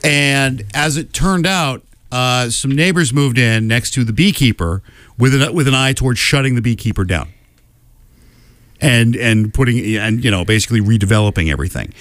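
A man hosting a casual podcast about films, thoughtful, often pausing and restarting his sentences. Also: mid-range voice, a bit bright, no room sound. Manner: thoughtful, with many fillers and restarts. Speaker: podcast host. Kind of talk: casual film chat.

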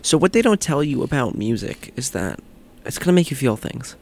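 Deadpan male co-host with dry quips. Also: medium pitch, fairly quick, vocal fry. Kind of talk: casual banter.

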